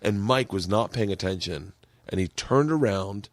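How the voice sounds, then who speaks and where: Animated storytelling man, dry studio sound. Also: normal speed, no echo. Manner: animated storyteller, jumps into high voices for quotes. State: tipsy. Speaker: podcast host. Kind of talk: casual chat, storytelling.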